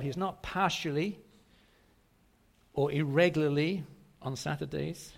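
A man's voice: on the high side, creaky, a little mellow. A man preaching a sermon to a congregation, emphatic and repetitive, often asking rhetorical questions. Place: church service.

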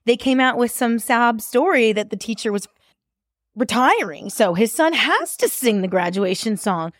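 A young adult woman hosts a podcast in a chatty, playful way and teases her guest as she tells her own story. Her voice sits a little high. It is recorded dry and close. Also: expressive, normal speed, no room sound. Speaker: podcast host. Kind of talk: conversational podcast interview.

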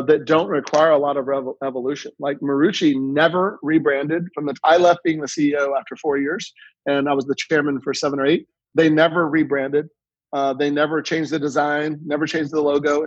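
Brief: male entrepreneur guest, husky tone, repeats words mid-thought, dull dry recording. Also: on the high side, steady tone, brisk, no room sound. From Louisiana. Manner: storytelling, repeats words when starting thoughts. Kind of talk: conversational interview.

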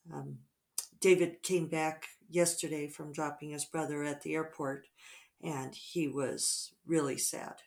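A middle-aged woman author talking casually over morning coffee, reflective and rambling with soft fillers. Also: deep voice, steady tone, unhurried, creaky.

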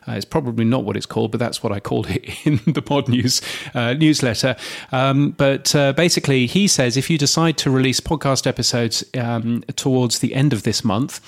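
A man co-hosting a podcast in relaxed, rambling chat full of fillers. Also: mid-range voice, gravelly. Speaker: podcast co-host.

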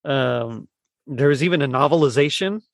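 A man hosting a casual movie podcast, talking in a rambling, halting way with lots of fillers and restarts. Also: mid-range voice, vocal fry, dry recording, clean studio sound. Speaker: podcast host.

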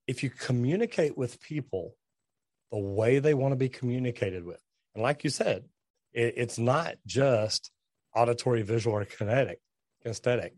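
A man in casual podcast conversation with a direct, to-the-point way of talking, acting out quick snippets of dialogue. His voice sits at a middle pitch and is recorded close and dry, with no room sound. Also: no echo. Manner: direct, animated, acts out quoted dialogue. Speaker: guest, trade business owner.

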